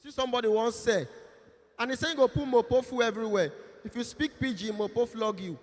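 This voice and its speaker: A Nigerian man emceeing an awards event, joking and loudly announcing guests. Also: very high-pitched, fairly quick. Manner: lively, joking, loud announcing. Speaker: master of ceremonies. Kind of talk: event emceeing with comic pidgin banter. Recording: long hall reverb.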